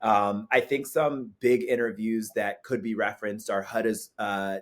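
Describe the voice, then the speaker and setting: A man as a podcast guest, talking in a chatty, animated way with many fillers. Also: lowish voice, measured pace. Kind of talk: casual chat.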